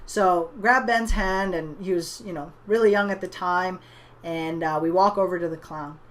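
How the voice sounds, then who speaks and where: An online business trainer, this woman has a lowish voice and a moderate pace. She tells a motivational story conversationally, sprinkling in plenty of "you know" and "right?" tags.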